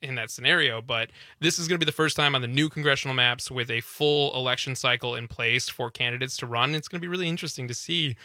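Bright-voiced male radio co-host. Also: medium pitch, fast talker, hardly any pauses, no room sound, studio quality. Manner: chatty, explanatory, upbeat. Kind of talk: casual political talk radio. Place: radio studio.

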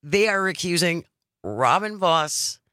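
A man hosting a radio talk show, lively and conversational, reading teasers for upcoming segments. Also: high voice, slow pace, no room sound.

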